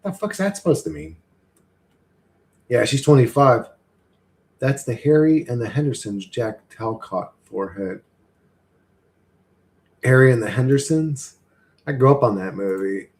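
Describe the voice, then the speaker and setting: A man's voice: mid-range voice, big pitch swings, measured pace, long pauses, a little mellow. A man in a casual, rambling live-stream chat, swearing freely and chuckling often as he talks.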